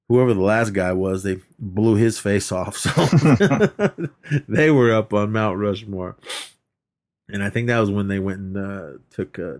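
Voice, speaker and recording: A man's voice: lowish voice, a little mellow. A man co-hosting a podcast, casually recapping a film in a rambling way, acting out quoted lines and laughing as he goes. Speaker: podcast co-host. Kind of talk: casual movie recap chat.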